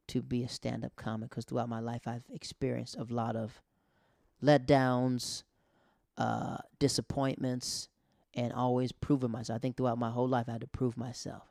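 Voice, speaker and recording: A man's voice: medium pitch, vocal fry, a little mellow, dry recording, clean studio sound. A man hosting his own podcast, a stand-up comic telling a loose, slangy story full of quoted dialogue. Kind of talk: casual storytelling monologue.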